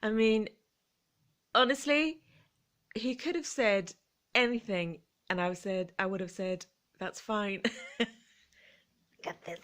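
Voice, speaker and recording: A woman vlogging in a relaxed storytelling chat, gentle and chatty with frequent laughs and quiet asides. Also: mid-range voice, takes it slowly, pauses often.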